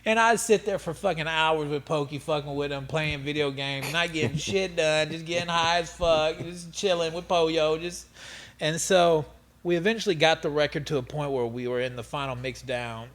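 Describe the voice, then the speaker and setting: A middle-aged man telling stories as an interview guest, animated and profane, laughing often. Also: fairly high pitch, normal speed, a little hiss or hum. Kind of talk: casual storytelling interview.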